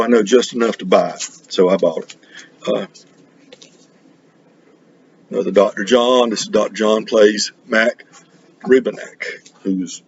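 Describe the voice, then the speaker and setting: A middle-aged man from North Carolina, chatting casually on his record vlog in a halting, rambling way full of restarts. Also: lowish voice, gravelly, highs cut off, slight background noise. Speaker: record collecting vlogger. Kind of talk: casual chat.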